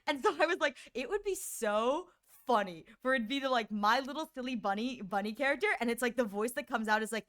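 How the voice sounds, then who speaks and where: This young woman streamer keeps up a casual, animated, rambling chat with viewers at a quick pace. She stammers and restarts often and refers to her own voice as shrill.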